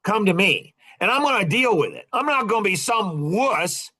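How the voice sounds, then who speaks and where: A man's voice: high-pitched, very animated, normal speed, sharp tone, slightly rough. A middle-aged man hosting a podcast, talking in an impassioned, repetitive monologue and breaking into short laughs. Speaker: podcast host.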